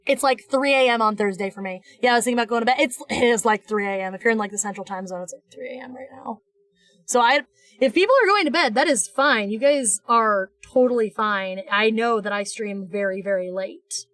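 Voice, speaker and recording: A slightly high, fairly bright voice moves at a brisk clip with no room sound. It belongs to a young American woman who draws on stream, chatting playfully, rambling, starting over, and teasing.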